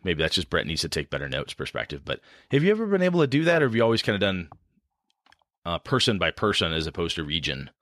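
Here a Midwestern American man hosts a laid-back podcast about running tabletop games as its game master, wandering off track, starting over, and laughing a lot. He talks fast in a low, sing-song voice with a slightly bright edge. Audio is studio quality, free of any room sound.

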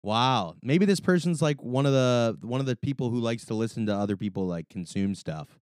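A man in casual podcast chat, his pitch swooping up and down as he rants and laughs at himself. He curses freely and talks in an animated way. The sound is dry and close. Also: a little fast, dry recording. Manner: animated, swearing, self-deprecating, laughs often. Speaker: podcast co-host.

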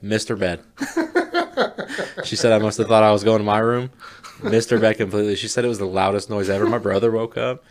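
A man co-hosting a podcast, laid-back and laughing often in casual chat. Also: on the low side. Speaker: podcast co-host.

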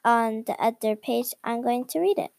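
A woman reading a children's chapter book aloud in a slow, careful storybook manner. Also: on the high side, gravelly, darkish tone, no echo. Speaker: reader.

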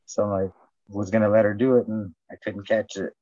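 A man's voice: lowish voice, little pitch movement, a little fast, dark tone, no echo. A man telling rambling, profane stories in casual chat and acting out what people said. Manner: profane storytelling, acts out quotes. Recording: dull dry lo-fi sound.

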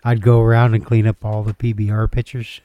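A man's voice: fairly low pitch, little pitch movement, fairly quick, lo-fi sound. A man co-hosting a casual podcast, telling rambling, crude stories and laughing through them. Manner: former bar-band musician. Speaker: podcast co-host. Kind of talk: casual chat.

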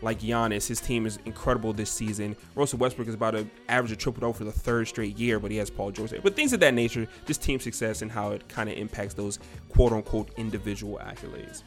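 A man's voice: lowish voice, fast talker, hardly any pauses, soft background music. A man hosting a podcast, talking sports in a loose, rambling way with lots of fillers. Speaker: podcast host. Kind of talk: casual sports chat.

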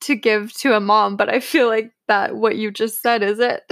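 A woman's voice: a little high, normal speed. A young woman hosting a casual chat, talking easily and laughing between lines. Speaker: podcast host.

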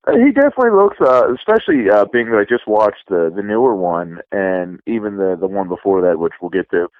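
A man in his thirties, co-hosting a podcast, talking in a relaxed, meandering way with many restarts. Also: fairly low pitch, brisk, narrow, tinny audio. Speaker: podcast co-host. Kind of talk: casual chat.

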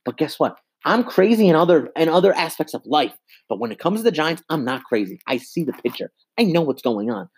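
A man's voice: medium pitch, husky. Exasperated young man ranting about football. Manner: exasperated, profane, repetitive. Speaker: sports fan vlogger. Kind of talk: angry sports rant. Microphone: handheld mic.

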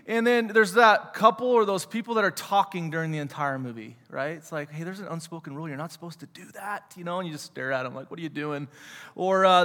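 A man's voice: fairly high pitch, a bit bright. A man in his thirties teaching a casual sermon in church, chatty and joking, with many fillers and questions to the audience. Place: church sanctuary. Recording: long hall reverb.

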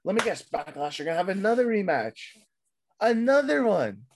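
His voice is high and swings widely in pitch, though it's gone hoarse as he loses it. Recapping a wrestling show casually with a friend on his podcast, he swears a lot, slips into quick impressions, and lets his sentences fade into mumbling.

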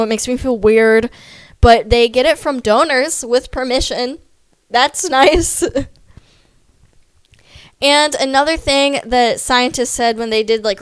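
A woman's voice: on the high side, smooth, dry recording. A young adult woman vlogging in a casual, rambling way, with lots of "like" fillers and self-deprecating asides. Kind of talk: casual chatty vlog.

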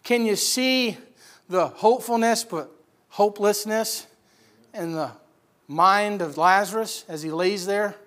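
A man preaching a sermon, retelling a scripture story vividly with rhetorical questions and swings between loud emphasis and hushed lines. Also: high-pitched, unhurried. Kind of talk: expository sermon.

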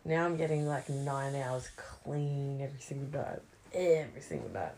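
A young woman, chatting casually, swearing a lot and swinging between loud outbursts and low mutters. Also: normal speed, gravelly, a little hiss or hum. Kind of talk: casual chat.

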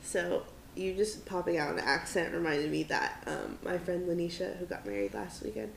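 Gravelly co-host woman, laughing and teasing. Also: lowish voice, expressive, moderate pace, echoey room, a little hiss or hum. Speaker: podcast co-host. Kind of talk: casual chat.

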